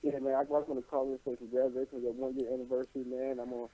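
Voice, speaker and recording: A man calling in to a live show, speaking in a quick, friendly way and saying "man" a lot. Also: medium pitch, flat delivery, warm tone, low-quality recording. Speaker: caller. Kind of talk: casual call-in chat.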